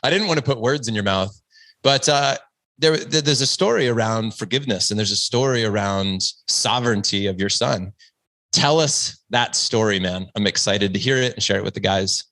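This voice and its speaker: A man's voice: lowish voice, moderate pace, a bit bright, no room sound. Male podcast host, earnest and encouraging, close dry mic. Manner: earnest, encouraging, addresses listeners as guys. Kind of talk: interview podcast.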